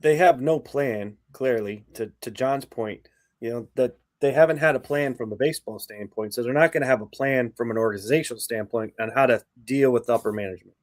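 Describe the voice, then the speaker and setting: A man's voice: medium pitch, fairly quick, no echo, clean studio sound. A man co-hosting a sports podcast, giving blunt, assertive opinions in casual commentary. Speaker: podcast co-host.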